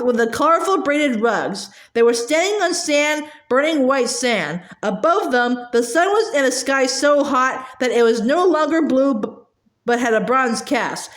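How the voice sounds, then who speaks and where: Woman reading a book out loud, lots of uhs and restarts, lively sing-song voice. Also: sits high, roomy sound. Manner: halting, with many fillers and restarts. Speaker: audiobook reader. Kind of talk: reading a novel aloud.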